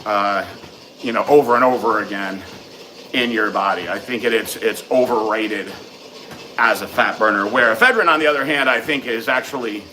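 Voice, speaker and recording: A man's voice: lowish voice, normal speed, sharp tone, a little hiss or hum, poor audio. A man hosting a casual live question-and-answer session, giving frank, matter-of-fact advice with plenty of ums and uhs. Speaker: host answering viewer questions.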